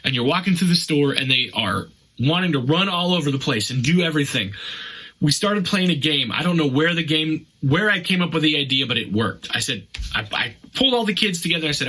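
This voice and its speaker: A man's voice: on the high side, expressive, fairly quick, bright, forceful tone, slightly rough, rough recording. A middle-aged man hosting a podcast, giving casual, chatty parenting advice in an upbeat way. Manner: upbeat, chatty, acts out scenes with whispers and cries. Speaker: podcast host.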